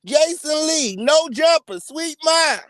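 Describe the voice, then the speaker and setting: A man hosting a celebrity gossip channel, giving an emphatic, profanity-heavy rant with sudden loud outbursts. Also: very high voice, animated, takes it slowly, dry recording, clean studio sound. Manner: profane, emphatic, repeats "okay?" and "period". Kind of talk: ranting celebrity gossip commentary.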